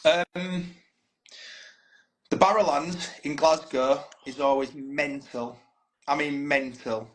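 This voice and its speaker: A man's voice: fairly high pitch, fairly even intonation, slow, pauses often, fairly bright tone, low-quality recording. A man, a band's frontman, talking candidly and swearing freely as a guest in a casual podcast interview. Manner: chatty, candid storytelling, swears freely, says "mate" a lot.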